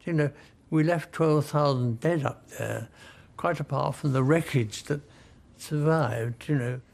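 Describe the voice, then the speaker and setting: Man, 90s, ex-soldier, gravelly, restarts often. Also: on the high side, a little mellow. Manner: halting, vivid storytelling with restarts. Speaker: war veteran recalling captivity. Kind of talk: interview recollection.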